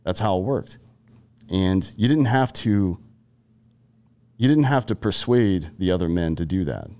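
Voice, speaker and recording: Low-pitched and dark in tone, his voice has lively intonation but an unhurried delivery. He's a podcast guest in his thirties, an army veteran from the Carolinas, who chats casually, curses freely, speaks bluntly, and keeps restarting his stories.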